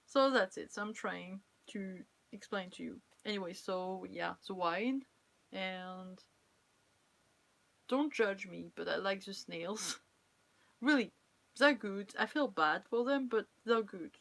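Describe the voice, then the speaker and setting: A woman's voice: medium pitch, takes it slowly, creaky, a bit bright. Chatty young French woman streaming. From France. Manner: chatty, playful, laughs often, teasing. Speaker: cosplayer streamer. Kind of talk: casual live-stream chat.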